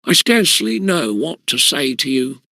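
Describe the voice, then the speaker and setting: Man doing a stern old headmaster, formal, deep, bright and gravelly. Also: animated, normal speed, no echo. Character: stern elderly male headmaster.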